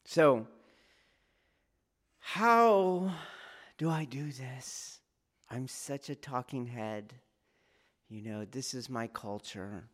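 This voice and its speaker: A man teaching martial arts students in an informal, rambling lecture, often laughing and checking whether they follow, growing loud when he presses a point. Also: mid-range voice, very slow, long pauses. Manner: rambling, laughs often, asks "do you see?".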